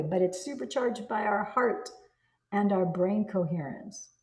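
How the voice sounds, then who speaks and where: A woman's voice: mid-range voice, darkish tone. A woman reading a self-help book aloud and breaking off into enthusiastic personal commentary. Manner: enthusiastic, exclaims and digresses.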